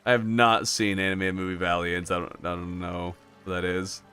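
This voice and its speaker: A man streaming a video game, chatting casually with his chat and laughing often in a jokey, animated way. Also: low-pitched, normal speed, soft background music. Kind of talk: casual live-stream chat, reading chat aloud.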